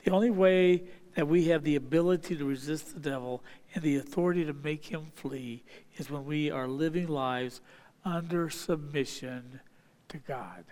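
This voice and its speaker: Emphatic pastor in a reverberant hall. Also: male voice, fairly high pitch, normal speed. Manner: emphatic, repeats phrases for stress, swings from loud to hushed. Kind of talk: sermon.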